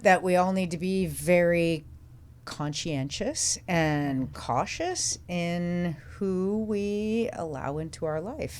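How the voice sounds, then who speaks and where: Low-voiced earnest woman. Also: slight background noise. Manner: earnest, slow and deliberate. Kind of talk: casual group chat.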